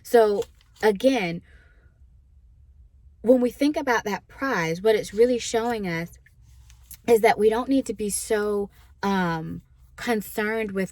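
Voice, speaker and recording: A woman minister gives a relaxed devotional teaching in a conversational way. She keeps checking in with her listeners and slips into quoted voices to act out their complaints. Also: medium pitch, slow pace, pauses often. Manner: conversational, asks listeners "right?".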